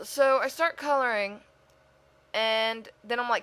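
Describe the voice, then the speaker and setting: A woman's voice: fairly high pitch, slow pace, bright, forceful tone, clear, resonant tone. A woman giving a casual, rambling voice-over for her speed-drawing video, chatty and self-mocking, talking to herself as she goes. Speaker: video creator.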